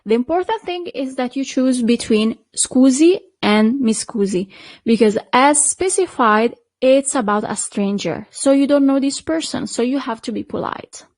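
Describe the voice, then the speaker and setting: A woman with an Italian accent teaching an online Italian lesson, patient and checking in often with quick questions to the learner. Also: high-pitched, dry recording. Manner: patient, checks in with frequent "okay?" and "perfect".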